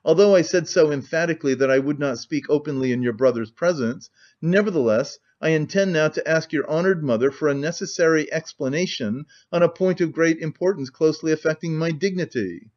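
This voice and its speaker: A pompous, huffy middle-aged gentleman, put on by a man reading a novel aloud lectures in a sententious, offended tone. The voice sits somewhat high. The recording is dull and lo-fi. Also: fairly quick, few pauses, natural voice.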